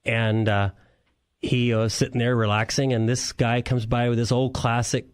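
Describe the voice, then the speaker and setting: A man's voice: mid-range voice, little pitch movement, moderate pace, clear, resonant tone. A man co-hosting a car radio show as the mechanic, telling long rambling stories in a casual chat and chuckling often.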